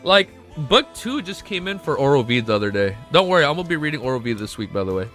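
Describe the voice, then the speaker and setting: A young male streamer talking to his chat in a lively voice that swoops up and down. His tone is bright and forceful, and he curses freely as he gets worked up. Faint music plays behind him. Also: medium pitch, quick pace. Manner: excitable, swears often, emotional swings. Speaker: livestreamer. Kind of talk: casual live stream chat.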